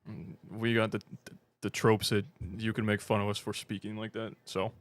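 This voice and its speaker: Here the same kind of British fan-channel host speaks in a lowish, level voice at a moderate pace, captured dry. He chats and jokes through viewer comments, rambling, self-deprecating and often starting over.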